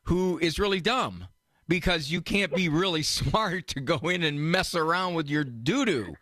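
A man's voice: on the high side, expressive, normal speed, bright, forceful tone, no room sound, clean studio sound. A man hosting a radio call-in advice show, joking and teasing his caller. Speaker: radio host, advice doctor.

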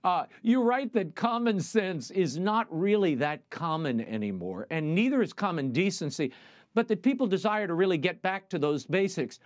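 Lively-pitched male TV host. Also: no room sound. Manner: measured, newsreader delivery. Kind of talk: broadcast news and interview.

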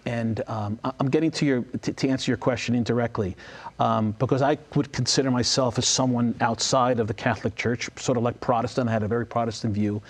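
A man's voice: mid-range voice, fairly even intonation, fast. A middle-aged man speaking as an interview guest in a casual chat, earnest and enthusiastic, with many restarts. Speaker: guest, ministry leader.

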